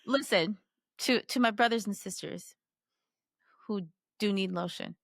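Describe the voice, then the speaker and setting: A woman's voice: mid-range voice, measured pace, gravelly, no echo, clean studio sound. A woman co-hosting a podcast, shifting from heartfelt reflection to playful teasing, laughing often. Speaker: podcast co-host. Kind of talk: casual chat.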